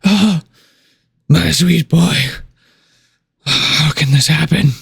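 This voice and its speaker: A man's voice: on the high side, drawn-out words, creaky, a bit bright, slightly rough, dry recording, studio quality, pitched above the performer's own voice, heavily acted. A man voicing a grieving old dwarf king. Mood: anguished. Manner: anguished, pleading.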